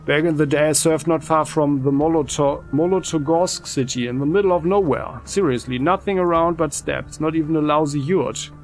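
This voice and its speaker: A man's voice: fairly high pitch, normal speed, hardly any pauses, soft background music, natural voice. A man reading aloud the lines of a game's ex-soldier, who brags about a rifle, in his own plain voice. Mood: boastful. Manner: reads game dialogue aloud plainly.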